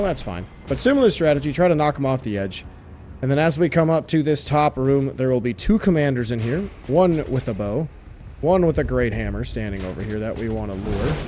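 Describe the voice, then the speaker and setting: Hoarse male walkthrough host, casual and chatty, clear game music behind. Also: medium pitch, darkish tone. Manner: chatty, teases the enemies. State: hoarse, lost his voice.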